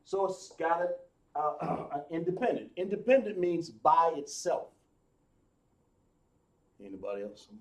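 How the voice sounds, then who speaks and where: A man teaching a live class, explaining slowly, with many fillers and restarts. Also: fairly high pitch, lively intonation, darkish tone, roomy sound. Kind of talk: live online class lesson.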